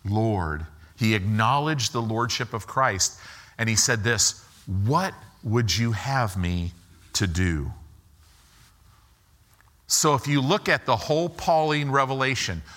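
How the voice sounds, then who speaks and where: A man preaching a sermon as pastor, slowing for emphasis and acting out quoted lines with rising and falling pitch. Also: a bit bright. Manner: slow deliberate emphasis.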